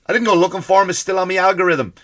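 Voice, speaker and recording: A man's voice: high voice, racing, a bit bright. A man with a mixed Irish and American accent, hosting a comedy podcast in a profane, exasperated ranting monologue.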